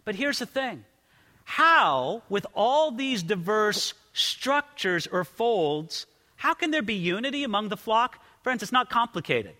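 High, bright-voiced pastor in a hall. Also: male voice, very animated, takes it slowly. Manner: earnest, repeats words when starting sentences. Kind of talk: sermon. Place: church sanctuary. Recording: long reverb of a large hall.

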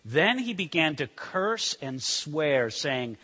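Very animated yet slow-paced, this man delivers a sermon with a bright, sharp voice ranging from high peaks to low dips. He alternates between loud emphasis and quiet intensity, his words trailing in a long, large-hall reverb.

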